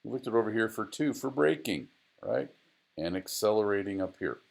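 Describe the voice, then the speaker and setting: A man with a deep, low, creaky voice walks through racing data on screen like an instructor in a screen-recorded analysis tutorial. He's casual, expressive, and brisk, repeating phrases for emphasis and grumbling at the software as he goes.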